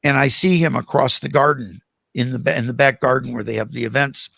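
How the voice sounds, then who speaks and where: An older man, a guest on a podcast, telling animated stories in casual conversation and acting out the voices of the people in them. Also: mid-range voice, fairly quick, creaky, no echo. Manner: animated anecdotes with acted-out quotes. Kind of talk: casual storytelling interview.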